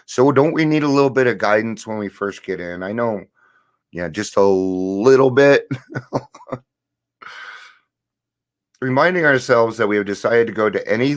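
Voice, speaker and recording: Man, fairly low voice, recovery livestream host, casual spiritual talk, earnest, loose. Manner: earnest, loose and swearing, laughing often.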